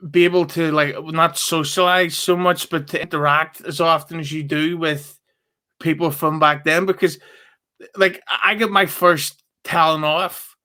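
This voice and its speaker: A man's voice: on the high side, pushed and bright, clear, resonant tone. A man, a podcast guest who chats casually, swears freely and jokes at his own expense. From Northern Ireland. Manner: swears freely, self-mocking humor. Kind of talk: casual chat.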